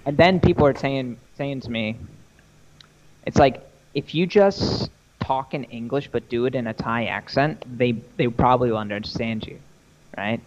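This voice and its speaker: A young man in casual podcast chat, rambling and animated, swearing freely as he tells stories. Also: mid-range voice, moderate pace, muffled recording. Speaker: podcast co-host.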